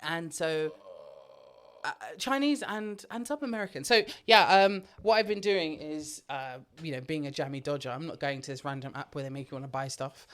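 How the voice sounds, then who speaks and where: Animated woman telling a story. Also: sits low, moderate pace. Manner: animated storyteller, swears freely. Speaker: podcast co-host. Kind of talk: casual chat, storytelling.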